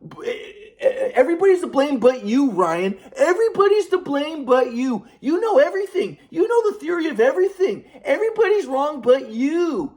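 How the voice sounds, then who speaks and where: A man voicing his sarcastic old grandfather in a mocking, high singsong, quoted during a casual monologue. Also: big pitch swings, a little fast, darkish tone.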